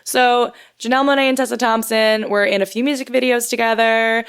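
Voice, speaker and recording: A woman's voice: fairly high pitch, fairly even intonation, fairly quick, smooth. A woman in her thirties co-hosting a podcast, chatting casually and rambling, often laughing. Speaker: podcast co-host. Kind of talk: casual chat.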